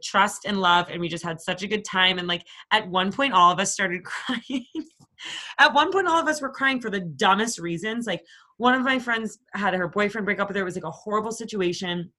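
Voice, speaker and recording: A woman's voice: medium pitch, sharp tone. A woman in her thirties from the Boston area, co-hosting a podcast and telling rambling stories full of swearing. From Boston area, USA. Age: 30s. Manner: profane, rambling storyteller. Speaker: podcast co-host. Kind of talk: casual chat.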